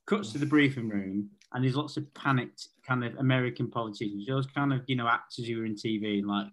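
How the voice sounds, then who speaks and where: A man's voice: medium pitch, fast, fairly bright tone. A man on a podcast, describing an imagined scene in vivid detail, full of "like" and "kind of.". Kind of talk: casual comedic chat.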